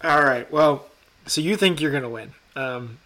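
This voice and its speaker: A man's voice: mid-range voice, normal speed, pushed and bright. A man co-hosting a podcast in casual, teasing chat. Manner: teasing, jokey. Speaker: podcast co-host.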